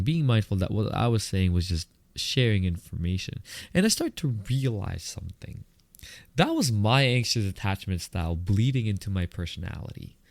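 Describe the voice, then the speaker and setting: A young man with a lisp, made stronger by retainers, hosting his own podcast in a candid, excitable way. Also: medium pitch, gravelly, dry recording. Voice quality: lisp, more pronounced with retainers in. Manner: excitable and candid, laughs, quick asides. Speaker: podcast host. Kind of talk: solo podcast monologue. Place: indoors, filmed on camera.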